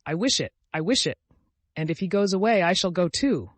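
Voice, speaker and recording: A man's voice: big pitch swings, normal speed, dry recording. Narrator doing a raised-voice young woman, bossy and reproachful, dry sound. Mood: insistent, coaxing. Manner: high, reproachful, insistent. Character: proud, sharp-tongued young woman.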